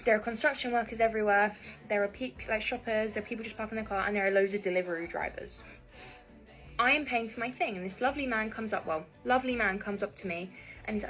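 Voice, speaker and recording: A woman's voice: mid-range voice, fast talker, fairly bright tone. A young woman telling a personal story in an agitated, angry way, swearing often. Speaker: vlogger recounting an assault. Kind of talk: emotional personal story to camera.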